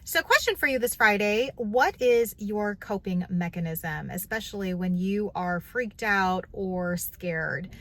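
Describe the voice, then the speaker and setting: A middle-aged woman tells a personal story with lively, expressive energy. She speaks in a relaxed vlog style, with her voice rising and falling as she goes. She is recorded inside a car. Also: medium pitch, a little slow, hardly any pauses. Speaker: vlog host. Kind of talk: casual storytelling to camera.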